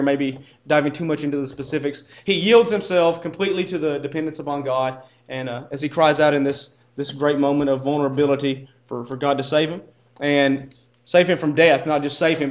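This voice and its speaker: A man's voice: fairly high pitch, echoey room, lo-fi sound. A man teaching a Bible class in earnest, posing rhetorical questions and restarting his phrases.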